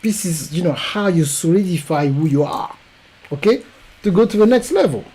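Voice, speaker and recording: A man with a French accent giving an emphatic, repetitive promotional pitch as a podcast coach. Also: animated, moderate pace, warm tone, slightly rough, poor audio.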